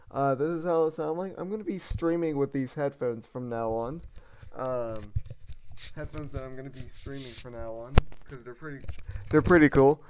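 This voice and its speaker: A teenage gaming creator's casual headphone review vlog, where he rambles with many fillers and makes fun of himself. His male voice sits on the high side at a normal speed, and the poor audio has slight background noise.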